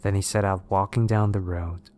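A man narrating scary stories in a steady, measured way. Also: low-pitched, slight background noise. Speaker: horror story narrator. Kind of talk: scripted narration of horror stories.

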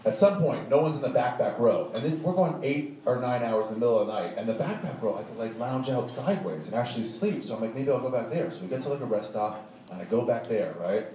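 A man's voice: mid-range voice, lively intonation, fast talker, warm tone. A man telling a rambling, profane comic story on stage, laughing along as he goes. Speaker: stand-up storyteller. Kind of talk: live comedic storytelling. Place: live show venue with audience. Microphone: distant audience recording. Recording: echoey distant live room recording with noise.

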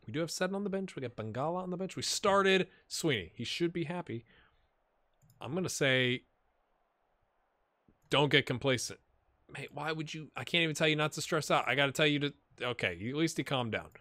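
Lively, bright-voiced gaming man. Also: a little high, brisk, no echo. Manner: animated, talks to his players, puts on silly voices. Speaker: gaming YouTuber playing Football Manager. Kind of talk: casual gameplay commentary.

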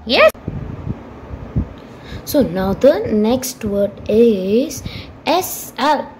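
A woman with an Indian English accent teaches young children phonics and talks in a high, lively sing-song. She draws each letter and sound out slowly. Her voice rings through an echoey room with a long tail of reverb. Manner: slow, spelling out letters and sounds, with high questioning prompts. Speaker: primary school English teacher.

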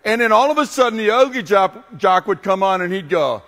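A pastor preaching a sermon, a man telling stories with animation and then turning quiet and earnest. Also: high voice, brisk, in a large hall.

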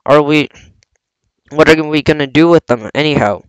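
A man's voice: a little high, moderate pace, clean tone, dry recording, lightly acted, poor audio. A man reading aloud, voicing an eager young pirate sailor who asks questions.

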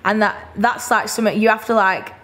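A woman's voice: medium pitch, steady tone, fairly quick, a bit bright. A young woman with a Lancashire accent, chatting casually as a podcast guest and using many fillers. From Burnley, England. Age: young adult. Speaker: guest singer-songwriter.

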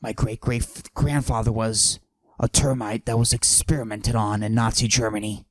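A man doing a cocky macho character who forces his voice deep and breathy, in a comedic podcast monologue. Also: level tone, moderate pace, close to an everyday voice. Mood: swaggering. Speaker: podcast host.

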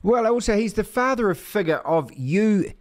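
Kiwi male talk host, bouncy pitch, playful mock-outrage banter. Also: moderate pace. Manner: animated, jokey, mock outrage. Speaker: radio host. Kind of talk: casual radio banter.

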